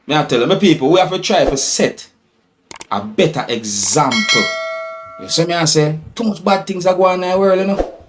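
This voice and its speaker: A man with a Jamaican accent talks through his thoughts in a loose, musing way as a vlogger commenting on a clip. His voice sits a little high for a man, and he keeps tossing in little check-ins with his listeners. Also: expressive, a little fast, background noise. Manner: loose, musing, peppered with "you see me" tags. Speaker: vlogger commenting on news clips. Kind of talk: casual commentary.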